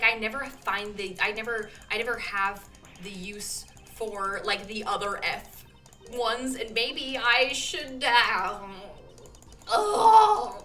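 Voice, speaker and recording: A young woman commenting on her video game playthrough in a bright, fairly high voice, swearing and apologizing in flustered bursts. She talks slowly, and quiet game music plays behind her. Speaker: streamer playing a video game. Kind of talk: casual gaming commentary. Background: faint game music.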